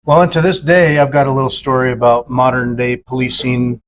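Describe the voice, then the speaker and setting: A man's voice: medium pitch, level tone, a little fast, highs cut off. A man in casual podcast chat, rambling with many fillers and acting out quoted dialogue in a raised voice. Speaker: podcast co-host.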